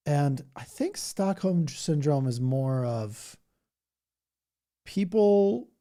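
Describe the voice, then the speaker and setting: A man's voice: medium pitch, mellow. A man hosting a livestream, chatting casually with his viewers, rambling and laughing as he mocks things with silly impressions. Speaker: livestream host. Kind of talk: casual chat reacting to viewer comments.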